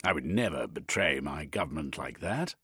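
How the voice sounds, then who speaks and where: A man's voice: a bass voice, lively intonation, moderate pace, a bit bright, breathy edge, dry recording, clean studio sound, exaggerated voice. A man reading an audiobook, voicing a proud male official who speaks in a stiff, indignant way.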